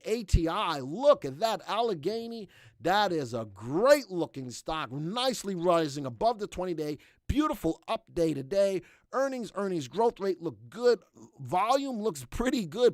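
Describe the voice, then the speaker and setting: A fairly high-pitched man hosts a live stock analysis webcast, bursting into folksy exclamations as he reads charts. He talks straight to his viewers and asks them to answer in the chat. His voice sounds close and dry, with no room echo. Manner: exuberant, folksy exclamations while reading charts. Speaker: stock market webcast host.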